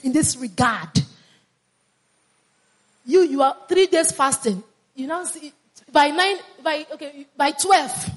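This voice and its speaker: In a high-pitched voice with a breathy edge, a woman delivers a fervent sermon. She keeps repeating phrases and urges the congregation to respond.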